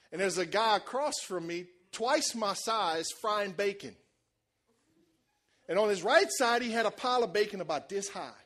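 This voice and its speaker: A man preaching a sermon, telling a lively story and acting out the voices of the people in it, with shouts at the high points. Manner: animated, acts out voices, shouts at peaks. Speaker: pastor.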